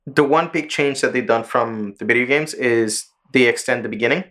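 A man's voice: medium pitch, normal speed, a bit bright. A man hosting a podcast in casual chat, loosely retelling a show's plot with plenty of swearing. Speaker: podcast host.

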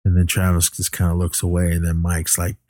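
A man's voice: low-pitched, monotone, brisk, a little mellow, no room sound, studio quality. A man casually retelling a film's plot, rambling with lots of fillers and restarts. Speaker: film recapper. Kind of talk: casual movie plot recap.

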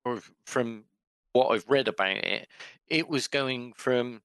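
A man on a gaming podcast calmly explaining a technical point. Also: mid-range voice, takes it slowly, clean tone, no echo. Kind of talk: casual gaming podcast chat.

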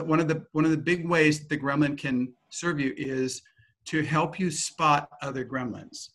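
A man gives a teaching talk in an animated, storytelling manner, swearing casually as he goes. His voice sits a little above the usual male pitch. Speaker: teacher of personal transformation. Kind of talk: teaching talk with personal anecdote.

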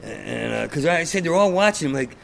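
Gravelly-voiced stuttering man, blunt and profane. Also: fairly high pitch, expressive, a little fast, fairly bright tone, slight background noise. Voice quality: stutter, repeats sounds. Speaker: stand-up comedian, guest. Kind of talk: casual conversation.

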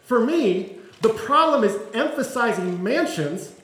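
Pastor, male, high-pitched, conversational sermon with self-deprecating humor; echoey church room. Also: lively intonation, unhurried, a bit bright. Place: church sanctuary.

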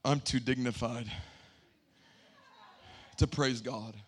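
A man voicing a haughty, self-important churchgoer who scorns loud worship, in a sneering, muttering manner. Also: medium pitch, steady tone, takes it slowly, voice pushed down. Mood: sniffy, disdainful.

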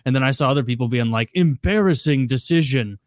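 A man's voice: mid-range voice, quick pace, no echo. Guy on a podcast telling what he saw, lots of likes and ums, dry mic. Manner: hesitant, filler-heavy recounting. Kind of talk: casual chat.

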